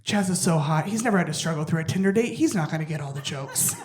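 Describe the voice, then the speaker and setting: A woman's voice: lively intonation, quick pace, darkish tone. Brash woman doing stand-up in a roomy club. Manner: brash, swearing, acts out voices with big pitch jumps. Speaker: stand-up comedian. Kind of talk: stand-up routine. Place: comedy club stage with laughing audience.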